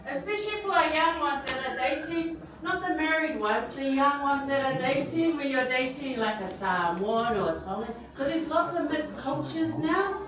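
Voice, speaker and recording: A woman's voice: high-pitched, moderate pace, hardly any pauses, crowd noise. A woman teaching a language workshop to a group, playful and joking, often checking in with her listeners. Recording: echoey hall, from far off, background noise.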